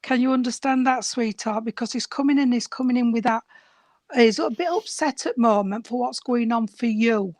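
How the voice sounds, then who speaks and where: A woman giving a mediumship reading, her voice going hoarse, calling the sitter sweetheart and darling. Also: on the high side, moderate pace, a little mellow, dry recording.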